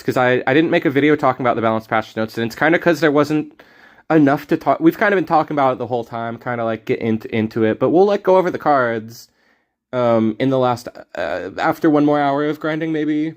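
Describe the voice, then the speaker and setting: A man streaming a card game, rambling in casual commentary with jokey, self-mocking asides. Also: mid-range voice.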